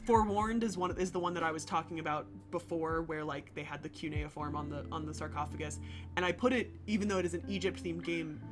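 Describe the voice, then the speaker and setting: Animated chatty woman podcaster. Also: low voice, fast, over music. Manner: animated, chatty, many fillers and restarts. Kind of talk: casual chat.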